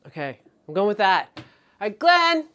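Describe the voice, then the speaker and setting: A woman's voice: mid-range voice, sing-song, moderate pace, fairly bright tone, slight background noise. A woman joining a blind tasting, chatting casually and laughing easily. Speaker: co-host tasting partner.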